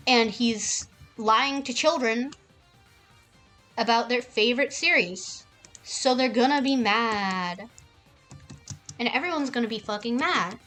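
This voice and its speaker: A woman's voice: sits high, pushed and bright. A woman streaming a game, ranting casually with heavy swearing. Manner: profane and heated.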